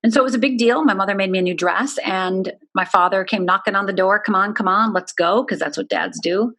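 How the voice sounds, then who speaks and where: A woman's voice: medium pitch, quick pace, vocal fry, fairly bright tone. A middle-aged woman speaks as an interview guest, telling her own story. She is candid and earnest, and she leans on "you know" as she talks.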